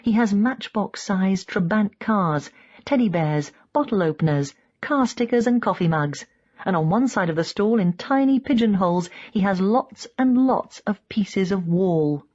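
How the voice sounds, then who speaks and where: A woman reads a first-person audiobook in a mid-range voice. She lifts her pitch for the people she quotes. The recording sounds slightly dull and lo-fi. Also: lively intonation, a little slow, a little mellow. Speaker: audiobook narrator. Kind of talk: scripted narration.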